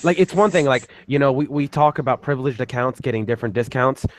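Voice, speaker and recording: Animated man swearing in casual chat. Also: mid-range voice, fast talker, slight background noise. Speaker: guest.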